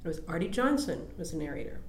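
A woman's voice: on the low side, sing-song, fast talker, darkish tone, a little hiss or hum. A woman interviewer telling chatty anecdotes in a library study room. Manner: chatty anecdotes, laughs easily. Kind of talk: casual chat. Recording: roomy echo.

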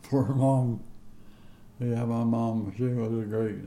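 A man's voice: medium pitch, fairly even intonation, slow pace, warm tone, roomy sound, slight background noise. A man, telling rambling, folksy stories about his past in an interview. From northern Georgia, USA. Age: 80s. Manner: rambling folksy storyteller with plain country grammar. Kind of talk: casual storytelling interview.

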